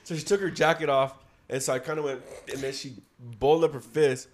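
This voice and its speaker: A man's voice: mid-range voice, fairly even intonation, a little fast. A teenage man telling a story in casual chat among friends, swearing and laughing as he talks. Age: teens.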